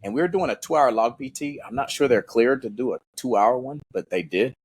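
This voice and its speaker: A man, a former Navy SEAL guest on a podcast, telling stories in a casual, animated and profane way. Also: medium pitch, brisk, slightly rough. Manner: animated, profane, acts out voices in his stories. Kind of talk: casual storytelling in an interview.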